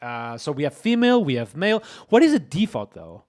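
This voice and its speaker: A man streams himself coding and keeps up a running commentary to his viewers. His voice sits a little high and swoops all over the place. He is excitable and often breaks into exclamations. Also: fairly quick. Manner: excitable, exclaiming, talks to chat. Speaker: streamer, host.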